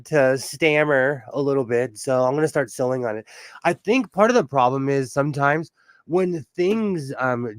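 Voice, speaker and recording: Male livestream host: upbeat and chatty with frequent laughs, slow easy delivery, dry close sound. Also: on the high side, no room sound. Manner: bubbly, laughs often, cheers "yay", greets chat viewers. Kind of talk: casual livestream chat. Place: at home indoors.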